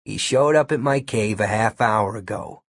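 A man voicing Gary, a laid-back, wisecracking young man, in a low, hushed and husky voice while reading a story aloud. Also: moderate pace, no echo, clean studio sound. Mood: reassuring.

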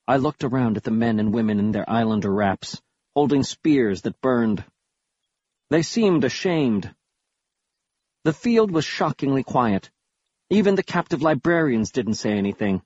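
Man, audiobook narrator, husky voice, animated pitch, dull lo-fi audio, dry. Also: a little slow, no room sound. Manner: wry, dramatic, lively delivery. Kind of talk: first-person audiobook narration.

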